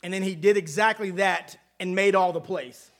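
A man's voice: high voice, moderate pace, a bit bright. A man preaching a casual, conversational sermon, folksy and chatty with asides and frequent check-ins with his listeners.

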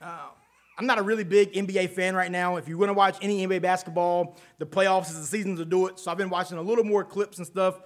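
A man's voice: high voice, fairly even intonation, fast. A man preaching a casual, conversational sermon, folksy and chatty with asides and frequent check-ins with his listeners.

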